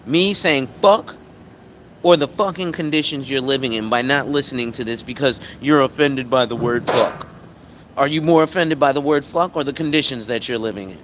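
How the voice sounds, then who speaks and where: A man hosting a casual live stream as an insurance agent, talking bluntly and profanely with animated storytelling. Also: mid-range voice, moderate pace, background noise.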